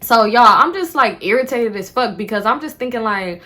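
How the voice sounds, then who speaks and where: A young woman telling a storytime vlog, animated and profane as she talks to viewers. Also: fairly high pitch, normal speed. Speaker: vlogger.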